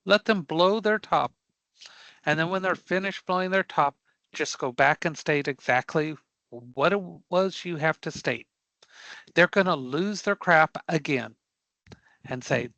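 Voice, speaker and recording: A career prep instructor teaches a live online class in a bright, somewhat high, animated voice that sounds close and dry, with no echo but poor audio. He talks a little slowly with long pauses. Blunt and emphatic, he waves off angry customers as no big deal and keeps checking in with rhetorical questions.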